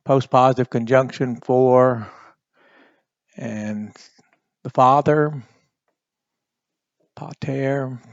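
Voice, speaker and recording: A man walks through a Bible Greek lesson at a slow, deliberate pace, stopping often on fillers as he explains. The recording is dry and a little dull, with no room sound around the voice. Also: mid-range voice, no echo.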